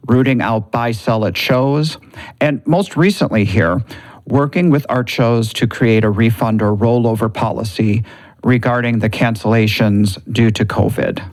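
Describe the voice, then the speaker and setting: A man's voice: medium pitch, darkish tone. A man co-hosting a podcast, speaking earnestly as he promotes and asks questions. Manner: earnest, promotional when reading segments. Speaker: podcast co-host. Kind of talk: casual podcast talk and announcements.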